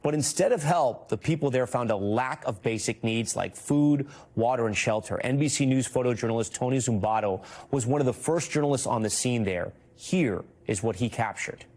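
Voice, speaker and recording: A man anchoring a news program, narrating a report and then interviewing a guest in a measured, earnest way. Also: mid-range voice, darkish tone.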